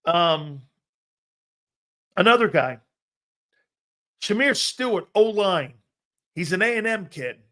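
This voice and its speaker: Brief: male sports talk host, slightly high voice, loud, animated, jokey. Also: takes it slowly, long pauses. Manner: loud, animated, jokey, talks straight to viewers. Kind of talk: live-stream sports talk reading chat.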